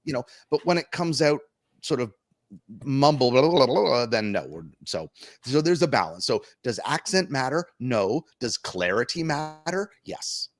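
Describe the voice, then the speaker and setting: A man's voice: medium pitch, sing-song, moderate pace, no room sound. A man giving friendly, plain-spoken test-prep advice as a guest in a webinar Q&A. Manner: encouraging, chatty, plain-spoken.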